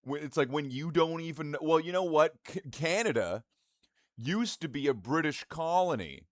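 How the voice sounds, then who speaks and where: A man's voice: on the high side, animated, moderate pace, no room sound. A man streaming live and chatting casually with his viewers in profane, rambling, mock-indignant banter.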